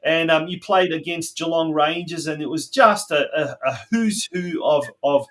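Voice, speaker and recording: A man's voice: on the high side, moderate pace, fairly bright tone. An Australian man hosting a local sports podcast, chatting casually and enthusiastically. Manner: chatty, enthusiastic, frequent restarts. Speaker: podcast host.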